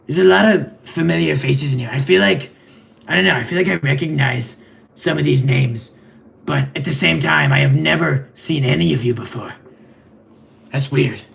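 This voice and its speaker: A man playing a vain, clueless rich male superhero in a comedic livestream sketch, rambling in a deadpan, gravelly voice. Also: a little high, moderate pace. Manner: rambling, deadpan, self-absorbed.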